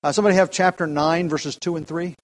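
A man teaching a casual Bible study class, talking in a halting way with many fillers and restarts and asking the group to look up verses. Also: a little high, steady tone, rough recording.

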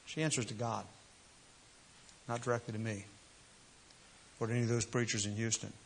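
A man's voice: medium pitch, little pitch movement, fairly quick, slight background noise. A man preaching a sermon, emphatic and full of rhetorical questions. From United States. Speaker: pastor.

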